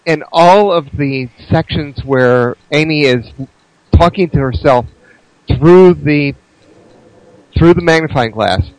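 Guy on a call, kinda halting, dry no-room sound. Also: fairly high pitch, a little mellow, no room sound, poor audio. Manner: halting, admiring. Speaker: podcast co-host. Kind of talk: casual chat over a call.

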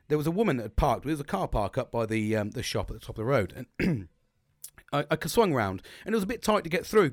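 A man's voice: mid-range voice, dry recording, studio quality. A young man hosting a podcast, talking bluntly and rambling, with plenty of swearing. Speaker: podcast host. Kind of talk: candid solo podcast monologue.

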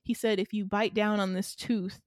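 A woman co-hosting a casual chat, recapping a film in an animated, rambling way with lots of fillers. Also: mid-range voice, moderate pace, no room sound, studio quality. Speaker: podcast co-host.

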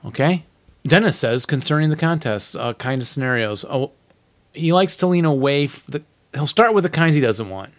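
A man's voice: on the high side, lively intonation, normal speed. A man co-hosting a podcast, reading listener letters aloud in casual chat and laughing easily. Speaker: podcast co-host.

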